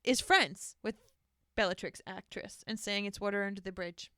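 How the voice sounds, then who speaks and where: A woman's voice: mid-range voice, moderate pace, a bit bright, no room sound, studio quality. A woman co-hosting a podcast in casual chat, laughing often and sharing fun facts. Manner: giggly, shares fun facts. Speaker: podcast co-host.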